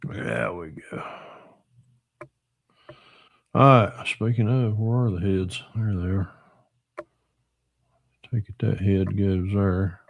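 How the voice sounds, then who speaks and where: A middle-aged Southern man with a Georgia accent drawls through casual livestream chat in a slow, unhurried way. His voice sits fairly low and has a gravelly fry to it. The sound is close and dry. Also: expressive, dry recording. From Northwestern Georgia, US. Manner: folksy, drawling, answers chat comments aloud. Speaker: livestream host, model car builder.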